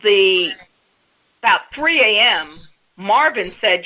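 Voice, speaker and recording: A woman's voice: mid-range voice, lively intonation, slow, pauses often, bright, forceful tone, low-quality recording. A woman guest on a radio interview, telling a story step by step in a casual way. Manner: storytelling, recounting events step by step.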